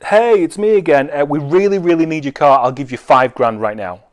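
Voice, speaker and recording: A man's voice: on the high side, a little fast, natural voice. A man voicing an eager, well-spoken young man from a film crew who keeps pressing to buy a car. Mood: urgent. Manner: pushy, insistent, repeats himself.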